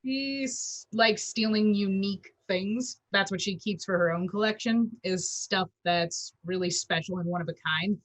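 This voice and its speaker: A woman writer answering questions on a video call. Her voice sits at a middle pitch, dry and close to the mic. She talks eagerly and loosely, with fillers and quick restarts. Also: no room sound, poor audio. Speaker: game writer and interview guest. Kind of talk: casual interview over a video call.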